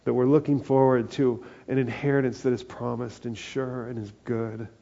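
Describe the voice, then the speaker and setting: A man's voice: mid-range voice, flat delivery, moderate pace, vocal fry, dark tone, highs cut off. A man preaching a sermon as pastor, earnest and building to emphatic peaks.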